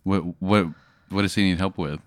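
A young man in casual podcast banter, laid-back and asking low-key questions. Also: fairly even intonation, moderate pace, smooth, no echo. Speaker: podcast co-host.

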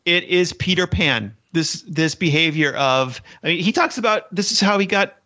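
A man's voice: fairly high pitch, normal speed. A man co-hosting a podcast who talks in a casual, emphatic way, repeating words for stress, and reads book passages aloud. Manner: animated, emphatic, repeats himself. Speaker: podcast co-host.

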